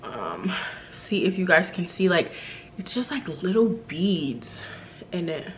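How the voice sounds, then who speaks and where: A woman's voice: fairly low pitch, sing-song, slow pace, slight background noise. A young woman vlogging a beauty and luxury haul, chatty and enthusiastic, talking straight to her viewers. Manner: chatty and enthusiastic, many fillers and asides to viewers. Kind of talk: casual haul vlog talk to camera.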